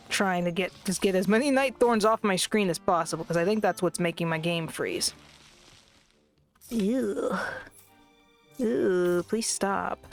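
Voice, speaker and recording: A woman chatting casually through a let's play, grumbling about lag and joking at her own expense, recorded on a desk microphone. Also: lowish voice. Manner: chatty, complaining about lag, self-deprecating. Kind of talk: casual game commentary. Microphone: desk microphone at a computer.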